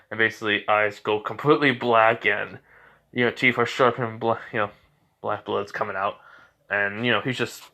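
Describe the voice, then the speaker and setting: A man retelling a fan story in a loose, casual way, looping through fillers and restarting his sentences. His voice sits at an ordinary middle pitch for a man. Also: a bit bright. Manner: rambling, many fillers and restarts.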